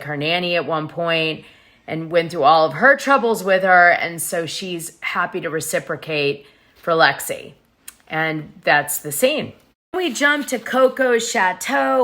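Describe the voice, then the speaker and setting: A woman's voice: lowish voice, bright, forceful tone. A woman hosting a gossip show, recapping reality TV episodes in a chatty, conspiratorial way.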